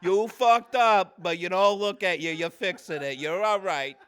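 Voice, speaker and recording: A man's voice: high-pitched, a little slow, a bit bright, clear, resonant tone. A man, a film-set grip, telling a long anecdote on a casual podcast, laughing often. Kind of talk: casual storytelling chat.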